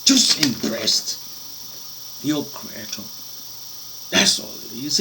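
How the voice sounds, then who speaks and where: Guy preaching real slow, voice on the higher side, booms then drops to a hush. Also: huge pitch swings, a little hiss or hum, rough recording. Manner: declamatory, swinging between loud outbursts and hushed, near-whispered lines. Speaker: spiritual preacher. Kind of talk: impassioned sermon.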